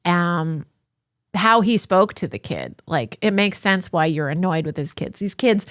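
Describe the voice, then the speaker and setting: A woman co-hosting a casual TV review chat, animated and exasperated, laughing often. Her voice is close and dry, with no room sound around it. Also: lowish voice, unhurried, dry recording. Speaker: podcast co-host.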